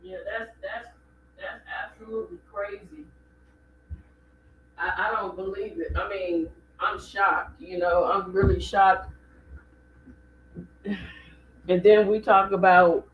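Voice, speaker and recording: A woman hosting a live stream, giving blunt, animated commentary with speech. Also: medium pitch, slow, pauses often, slight background noise, low-quality recording. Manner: animated, blunt, preachy ranting.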